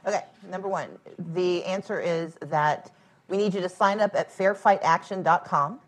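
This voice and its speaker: A woman in her forties speaks at an event in front of a live audience. Her voice sits low and carries a husky grain. She makes her points with everyday analogies and a wry, plainspoken delivery. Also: normal speed. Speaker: guest speaker, former candidate. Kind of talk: public conversation on stage.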